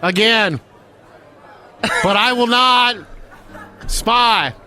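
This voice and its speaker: A man doing an impression of a male president who speaks haltingly, with long pauses between words. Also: very high voice, pushed and bright, faint music behind, a faint crowd, pitched above the performer's own voice, exaggerated voice. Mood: mock-solemn.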